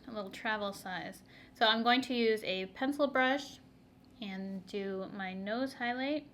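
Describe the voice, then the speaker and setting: Chatty girl doing her makeup on camera, laughs a lot, mid-pitch voice. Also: a bit bright, slight background noise. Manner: chatty, laughs often, asides to viewers. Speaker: beauty vlogger.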